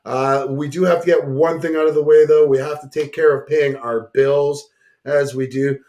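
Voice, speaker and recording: A man's voice: fairly high pitch, steady tone, moderate pace, darkish tone. A man hosting a casual chat show, joking around and reading sponsor plugs. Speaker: talk show host.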